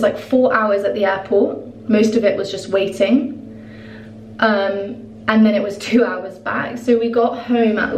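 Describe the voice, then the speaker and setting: Chatty young woman in an echoey room. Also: medium pitch. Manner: chatty, animated retelling full of "like". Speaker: vlogger. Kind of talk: casual storytime vlog. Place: at home. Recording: roomy echo, distant mic, faint noise.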